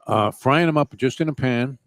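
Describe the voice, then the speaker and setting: A man's voice: medium pitch, normal speed, fairly bright tone, dry recording. A man telling a casual story, rambling and hesitant with many fillers. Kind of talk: casual chat.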